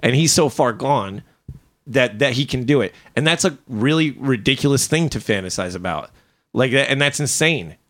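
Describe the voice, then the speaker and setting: A man's voice: medium pitch, moderate pace. A man hosting a podcast, ranting in casual chat with lots of swearing and sudden outbursts. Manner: animated profane ranting. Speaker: podcast host.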